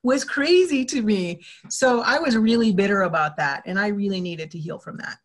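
A woman's voice: mid-range voice, normal speed. A woman, a talkative guest in a casual interview who acts out the conversations she retells. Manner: animated, talkative, acts out quoted exchanges.

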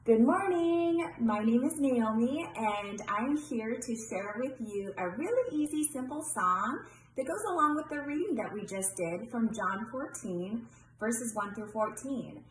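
A woman teaching children a simple song with hand signs, giving slow, patient, step-by-step directions. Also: on the high side, expressive, reverberant, a little hiss or hum, rough recording.

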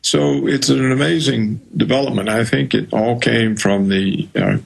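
A male interview guest speaking over a video call, measured and hesitant, pausing often. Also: medium pitch, fairly even intonation, gravelly, rough recording.

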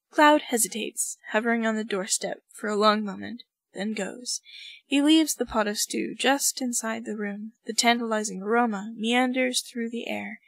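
A woman narrating a fan fiction story aloud in a measured, even way. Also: fairly high pitch, vocal fry, no room sound, poor audio. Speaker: podfic reader.

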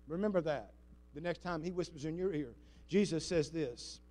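A man preaching a sermon as pastor. He leads the congregation in call-and-response and swings between booming emphasis and hushed asides. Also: lively intonation, moderate pace. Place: church sanctuary before a congregation.

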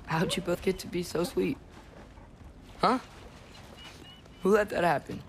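An actor playing an earnest teenage boy in a video game, talking gently and soothingly to his animals. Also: sits high, steady tone, measured pace, slight background noise. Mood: tender.

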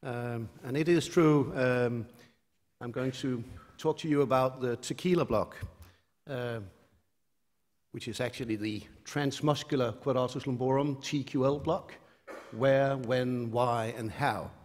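A man's voice: medium pitch, steady tone, measured pace, darkish tone. A man from Denmark with a Danish accent giving a conference lecture, hesitant with many fillers and restarts, with a light self-mocking humor. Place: lecture hall. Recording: reverberant lecture hall.

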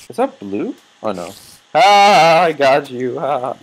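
A man's voice: a little high, sing-song, slow, a little hiss or hum, low-quality recording. An eighteen-year-old man giving casual, rambling gameplay commentary, swearing and yelping when startled.

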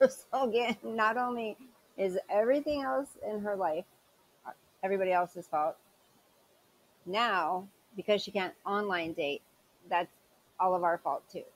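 A woman's voice: mid-range voice, measured pace, pauses often, poor audio. A woman hosting a commentary show, sarcastic and scolding as she mocks the clips she reacts to. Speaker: commentary channel host.

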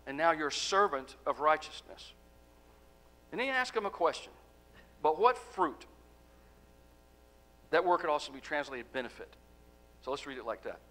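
Male pastor, bright and slightly high voice, emphatic sermon delivery with hushed phrase endings. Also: expressive, brisk, poor audio. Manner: emphatic, rhetorical questions, drops to soft endings.

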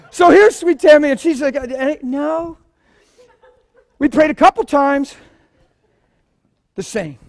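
An animated male preacher delivering a sermon in a church. His voice sits high for a man, and he tells stories with swings from quiet asides to loud bursts. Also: slow, pauses often.

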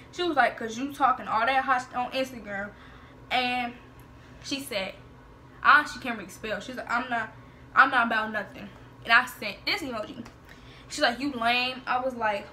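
A woman's voice: sits high, normal speed, slight background noise. A young woman vlogger, sassily retelling social media drama in a storytime vlog. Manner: sassy, animated retelling with slang and quoted exchanges.

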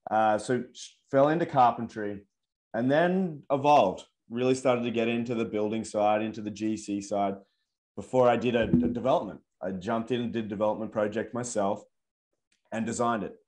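A man with a strong Australian accent talks easily about his life as a guest on a video call interview. His voice sits a bit low, and his telling is relaxed and easygoing. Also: moderate pace.

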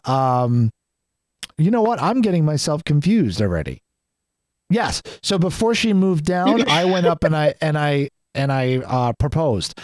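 A man's voice: fairly high pitch, darkish tone, no echo. A man telling a long personal story in casual podcast conversation, rambling, swearing freely and restarting his sentences. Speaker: podcast guest.

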